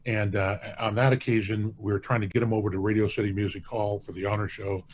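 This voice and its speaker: Speaking quickly with a lowish voice and little pitch movement, a hall of fame president tells stories as an interview guest. He's earnest and rambling, frequently restarting his phrases, and there's slight background noise.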